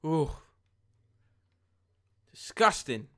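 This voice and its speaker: A young man live-streaming a football game, chatting with viewers and getting excited at near misses. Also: on the high side, extremely slow. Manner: chatty, reads chat aloud, excitable at goals. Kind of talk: live gameplay commentary and chat.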